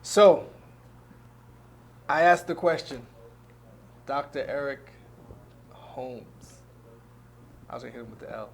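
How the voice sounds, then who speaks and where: A man's voice: medium pitch, takes it slowly, creaky, long pauses, a little hiss or hum. A man hosting a radio talk show, affirming his guest with short replies. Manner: affirming, brief responses. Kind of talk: radio interview. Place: radio studio.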